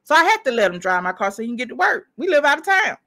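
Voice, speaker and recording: A woman telling a personal story in an animated, emphatic way, speaking straight to her listeners. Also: high voice, very fast. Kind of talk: casual storytelling monologue.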